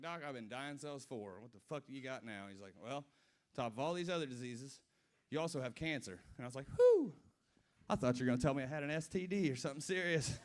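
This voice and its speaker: A man in his twenties doing a stand-up set at a brewery, telling loose, profane stories with asides to the crowd. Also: mid-range voice. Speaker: stand-up comedian. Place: brewery comedy stage.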